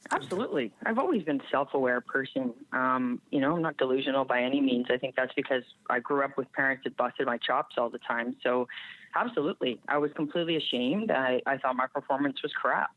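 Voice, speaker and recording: A woman's voice: a bass voice, a little fast, dry recording. A woman from Canada, a strength coach, telling a story in a candid, plain-spoken and reflective way in a podcast interview. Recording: tinny phone-like remote line.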